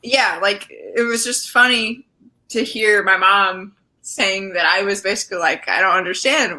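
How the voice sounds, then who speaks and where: Earnest young woman with a bright voice. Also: mid-range voice, unhurried, poor audio. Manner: earnest and encouraging, many fillers. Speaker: podcast co-host. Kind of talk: casual chat.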